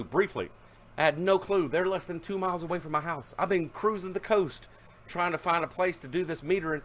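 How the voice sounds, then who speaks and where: A man's voice: on the high side, a bit bright. A man, talking casually and rambling in a hobby video, with fillers and self-corrections. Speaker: car audio hobbyist vlogger. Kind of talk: casual vlog narration.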